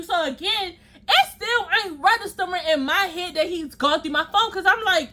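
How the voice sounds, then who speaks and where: A woman vlogger telling a personal story in an animated, emphatic and profane way, acting out scenes with sound effects. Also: very high voice, normal speed.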